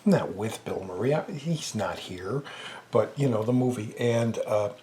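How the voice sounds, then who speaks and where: A man's voice: lowish voice, unhurried, noisy background. A man chatting casually in a home vlog, rambling and correcting himself, sometimes talking while eating. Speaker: movie review vlogger.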